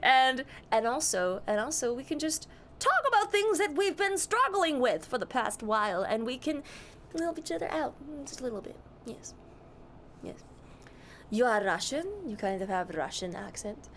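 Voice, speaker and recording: A woman's voice: a little high, big pitch swings, normal speed, fairly bright tone, slight background noise. A young woman streamer chatting casually, greeting and answering her chat with a giggly, easygoing manner.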